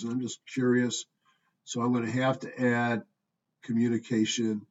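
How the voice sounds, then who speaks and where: A man talking through stock charts in an offhand, thinking-aloud way, with frequent ums and asides. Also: medium pitch. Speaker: stock market commentator. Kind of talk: casual screen-share market review. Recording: dull distant mic with faint noise.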